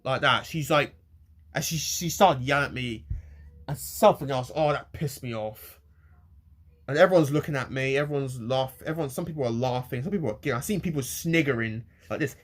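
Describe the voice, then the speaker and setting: A young man ranting to camera in a rambling, halting way, swearing freely. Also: medium pitch, expressive. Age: young adult. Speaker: vlogger. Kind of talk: casual rant to camera.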